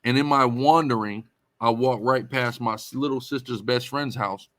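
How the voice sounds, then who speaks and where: A man's voice: mid-range voice, normal speed, a bit bright, dry recording. A man giving preaching-style commentary as a religious teacher, emphatic and repetitive in a conversational way.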